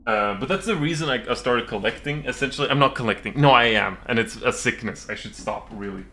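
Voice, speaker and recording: A young man from Sweden chats on a home stream, rambling and giggling nervously as he goes. His voice has a bright, sharp edge at an average pitch, picked up by a desk mic. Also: fairly quick.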